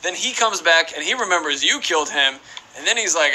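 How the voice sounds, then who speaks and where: Bright-voiced playful male game streamer. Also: on the high side, fairly quick, slight background noise, low-quality recording. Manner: rambling, playful, reads chat aloud. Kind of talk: casual live-stream chat while playing.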